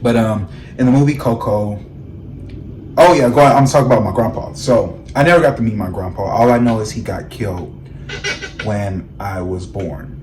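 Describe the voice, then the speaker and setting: A man hosting a casual tarot vlog, telling personal stories in a lively way and breaking into laughs. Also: moderate pace. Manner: animated, laughs, acts out quoted voices in high shrieks. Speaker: tarot reader and vlog host. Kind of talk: casual storytelling to viewers. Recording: echoey room.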